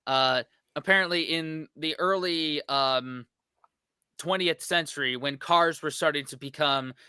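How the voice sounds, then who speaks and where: American man, casual reaction chat, bright clear voice, dry close sound. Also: a little high, a little slow, dry recording. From United States. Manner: rambling, hesitant, joking. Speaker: reaction channel host.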